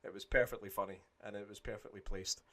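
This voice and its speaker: Animated man acting out scenes. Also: on the low side, quick pace. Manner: animated, acts out scenes in put-on voices, swears. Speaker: podcast co-host. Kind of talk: casual chat.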